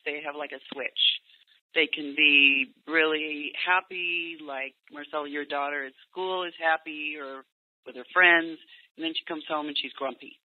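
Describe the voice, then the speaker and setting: A man coaching parents on a call, speaking gently and acting out what parents and teens might say. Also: fairly high pitch. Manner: gentle, acts out parent and teen lines in quotes. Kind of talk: coaching session over a call. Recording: tinny phone line, dry.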